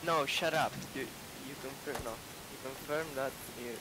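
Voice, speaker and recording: A man co-hosting a casual livestream, excitable, swearing and cutting in often. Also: mid-range voice, unhurried, a crowd in the background, rough recording. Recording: hissy livestream audio.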